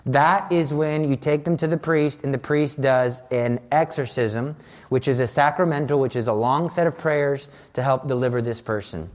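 A man's voice: mid-range voice, moderate pace. A man giving a personal faith testimony as a Catholic speaker, telling his story in an earnest, dramatic way.

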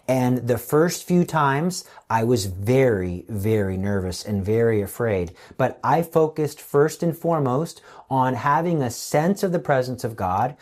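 A man's voice: mid-range voice, a little mellow. A man preaching a spiritual talk online, earnest and emphatic, acting out the voices he quotes.

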